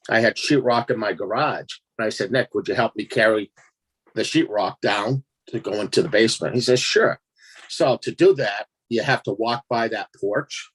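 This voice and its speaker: A man telling a strange personal story in a casual interview, animated and laughing as he acts out his own reactions. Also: mid-range voice. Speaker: guest storyteller.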